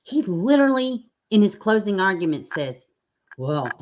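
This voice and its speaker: A woman's voice: on the low side, big pitch swings, a little slow, muffled recording, noisy background. A woman hosting a reaction commentary channel, blunt and indignant, swearing freely as she reacts to clips.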